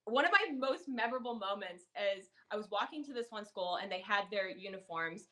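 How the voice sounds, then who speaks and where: Bright, giggly young canadian woman. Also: mid-range voice, brisk. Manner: giggly, lots of fillers, animated quoting. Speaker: podcast guest, former rodeo queen. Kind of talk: casual storytelling.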